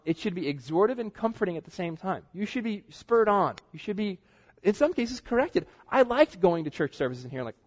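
A man's voice: sits high, big pitch swings, brisk. A middle-aged man preaching a sermon in a church as pastor, earnest and conversational, with casual asides. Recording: dull lo-fi church recording.

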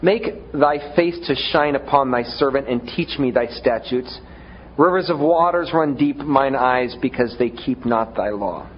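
A man's voice: medium pitch, unhurried, muffled recording. A man preaching a sermon in a conversational way, often stumbling over repeated words, with self-deprecating humor.

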